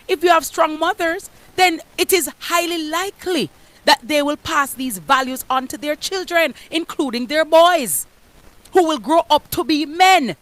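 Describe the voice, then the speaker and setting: A Jamaican radio host giving forceful motivational talk, dropping into patois. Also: female voice, sits high, no echo. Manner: forceful, emphatic, mixes patois into her speech. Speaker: radio host, guest speaker. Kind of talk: motivational preaching.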